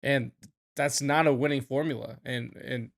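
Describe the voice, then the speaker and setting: Animated, cursing baseball podcast man. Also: medium pitch, moderate pace, vocal fry. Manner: animated, swears freely, trails off and restarts. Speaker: podcast co-host. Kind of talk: casual sports chat.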